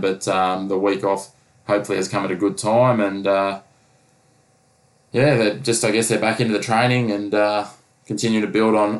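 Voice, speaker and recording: Man, low voice, monotone, casual sports chat, lots of ums. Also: poor audio. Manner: rambling with many fillers. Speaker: podcast co-host.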